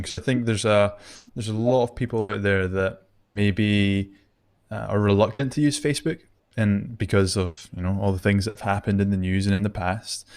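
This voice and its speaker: A Scottish man answers interview questions, steady and earnest as he explains. His voice runs lowish, recorded close and dry with almost no room sound. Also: no echo. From Scotland. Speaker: guest, ad agency director.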